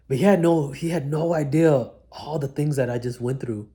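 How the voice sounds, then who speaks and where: A man's voice: medium pitch, moderate pace, few pauses, warm tone. A man telling his own story in one reflective take, in casual slangy talk full of "like" and "man". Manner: casual slangy talk, many likes and mans. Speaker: vlogger recounting his life. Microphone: single mic, one take.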